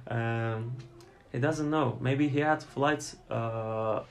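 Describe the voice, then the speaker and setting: A man's voice: medium pitch, extremely slow. A Turkish man with a Turkish accent, chatting in an interview about his airline work, storytelling with many fillers and acted-out quotes. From Turkey. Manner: storytelling, acts out passengers' lines, many fillers. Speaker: flight attendant guest. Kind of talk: casual interview chat.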